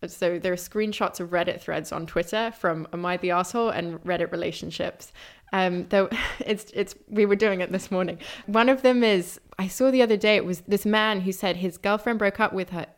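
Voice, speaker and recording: A woman's voice: mid-range voice, normal speed. A woman interviewer who talks in a chatty, candid way and laughs at herself. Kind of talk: casual interview talk.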